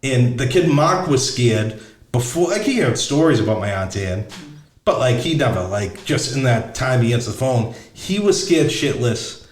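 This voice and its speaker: A podcast host, a middle-aged man, tells a story casually in a blunt, profane way, often restarting as he hunts for words. His mid-range voice is very animated at a moderate pace, and the sound is reverberant.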